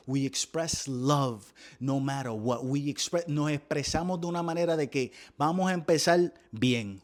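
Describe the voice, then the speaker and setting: A man's voice: fairly high pitch, expressive, normal speed, few pauses. A man with a Puerto Rican accent, hosting a comedy podcast in a casual, profane rant that switches between English and Spanish. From Puerto Rico. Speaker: podcast host.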